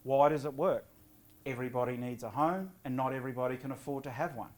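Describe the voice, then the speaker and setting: Energetic property seminar speaker. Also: male voice, medium pitch. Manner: energetic, quizzes the audience with quick questions. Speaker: property investment presenter. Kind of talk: seminar talk to a live audience.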